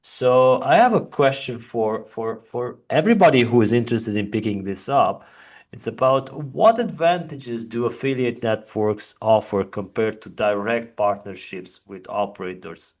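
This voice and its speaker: A man's voice: mid-range voice, lively intonation, normal speed. A man moderating a virtual industry panel from an office, chatty and prone to restarting his sentences. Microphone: video call.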